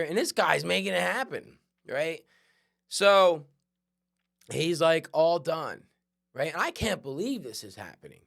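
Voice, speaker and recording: A man hosting a podcast, telling a personal story in a conversational, animated way and often checking in with "right?". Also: high-pitched, a little slow, gravelly. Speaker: podcast host. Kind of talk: storytelling monologue.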